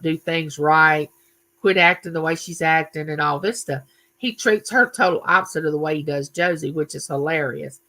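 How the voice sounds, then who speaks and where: A woman's voice: deep voice, sharp tone, rough recording. A woman, chatting casually and telling stories on her live stream, greeting viewers by name. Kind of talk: casual chat.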